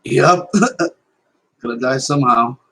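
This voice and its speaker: Brief: male player, husky voice, mid pitch, casual offhand chat at the table. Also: very animated, slow pace, pushed and bright. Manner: offhand, joking remarks.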